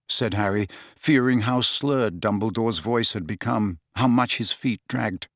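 A man's voice: fairly low pitch, unhurried, few pauses, no echo, clean studio sound. A man narrating a fantasy audiobook with a dramatic, varied reading.

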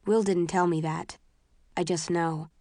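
A woman narrating a story in the first person, in a measured, tense, understated way, close to the mic. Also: lowish voice, steady tone, dark tone, dry recording. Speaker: audiobook narrator.

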